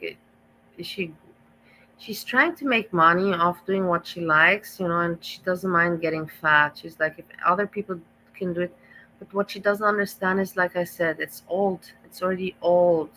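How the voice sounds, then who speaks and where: A woman's voice: on the low side, pushed and bright, a little hiss or hum, low-quality recording. A woman hosting a live reaction stream, talking in a rambling, gossipy way that repeats itself and restarts often.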